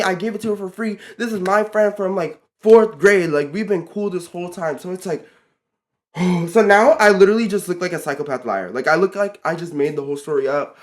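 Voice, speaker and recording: A teenage guy with a slightly higher than usual voice tells a storytime vlog. He talks casually and gets worked up, leaning on fillers and repeating himself as he recounts things. It sounds like a vlog. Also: fairly quick. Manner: animated, exasperated storytelling with many fillers. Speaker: vlogger.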